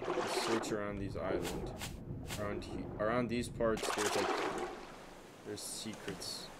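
Slow-muttering young man playing a game. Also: lowish voice, fairly even intonation. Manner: mumbled slow muttering to himself, loud taunting outbursts. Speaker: gamer streamer. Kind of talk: casual let's-play commentary. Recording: loud clicking and game noise behind. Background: game sounds and mouse clicks.

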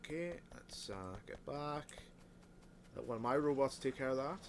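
A man's voice: medium pitch, lively intonation, normal speed, a little hiss or hum. A man giving casual, muttered commentary while he plays a factory-building game, swearing often. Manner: muttering to himself, frequent swearing. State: hiccups. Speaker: let's play host.

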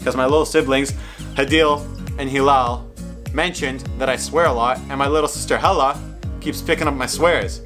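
A young adult man hosting a casual unboxing vlog, excitable, reacting loudly and swearing. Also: medium pitch, moderate pace, over music. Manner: excitable, swears and yelps when hurt. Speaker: YouTube host.

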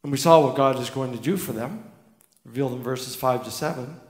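Fairly quick and darkish in tone, this medium-pitched male voice belongs to a pastor preaching in a sanctuary. He repeats his key lines for emphasis in an earnest, forceful way, with the church hall echoing long behind him.

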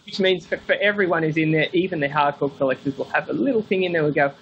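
A man, a podcast guest and book author, telling stories in a casual interview, animated and acting out quoted voices with frequent laughs. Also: fairly high pitch, fast, gravelly. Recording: dull lo-fi call audio with faint hiss.

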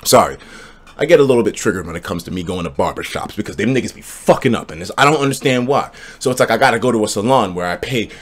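A man's voice: fairly low pitch, quick pace, slightly rough. A young man streaming live, ranting with lots of swearing and reading out chat messages. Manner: animated, profane, ranting. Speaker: livestreamer. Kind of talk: casual livestream rant and chat reading.

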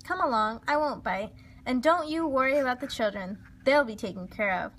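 A woman's voice: high-pitched, animated, moderate pace, a little hiss or hum. A woman reading a storybook aloud, voicing a theatrical female teacher dressed as a bat, with a playful mock-spooky manner. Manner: mock-spooky, put-on foreign accent at first.

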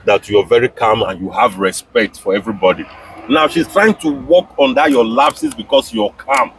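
A man's voice: medium pitch, moderate pace, creaky, fairly bright tone, low-quality recording. A man offers emphatic, advising comments in a casual chat. His voice sits in the middle range, with faint background noise.

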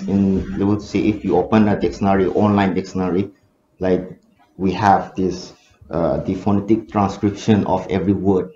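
A man's voice: low voice, dark tone, a little hiss or hum. A man with a Manipuri English accent, a research scholar answering in a seminar discussion, talking hesitantly with many fillers and restarts. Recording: echoey room, dull lo-fi sound.

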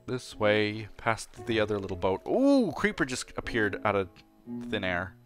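A man giving casual let's-play commentary as a gameplay host, playful, chatty and easily excited. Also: on the low side, measured pace, over music.

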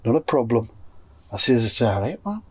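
A pigeon fancier with a Geordie accent from North East England shares a long story with friends in a pigeon loft, speaking at a moderate pace in a mid-range, darkish, slightly rough voice with big pitch swings and no room sound. He swears constantly and imitates others' lines.

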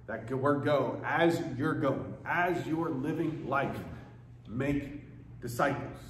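A man preaching a sermon as pastor, in an earnest, conversational way. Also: medium pitch. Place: church sanctuary. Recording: echoey church room with faint noise.

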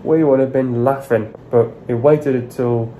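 A man's voice: mid-range voice, fairly even intonation, measured pace, mellow, slight background noise, poor audio. A man giving a frustrated match analysis on his vlog, blunt, sweary and repeating his complaints. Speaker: football fan vlogger.

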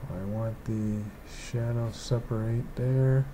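A man's voice: medium pitch, fairly even intonation, slow pace, warm tone, a little hiss or hum. A man who is a digital artist, rambling and thinking aloud as he walks through a casual painting tutorial indoors. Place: indoors, rain outside.

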